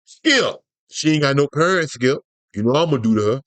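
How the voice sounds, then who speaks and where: A man's voice: medium pitch, lively intonation, fairly quick, fairly bright tone, no room sound, pitched below the performer's own voice, lightly acted. A man doing an impression of a boastful ex-athlete sports pundit who whines and drawls as he talks to his co-host. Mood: boasting.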